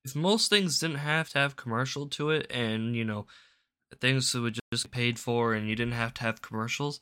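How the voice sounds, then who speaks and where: A political commentator speaks at his home desk into a microphone, his medium-pitched voice smooth but sharp in tone. He offers casual reaction commentary that is sarcastic and rambling, with the occasional swear word.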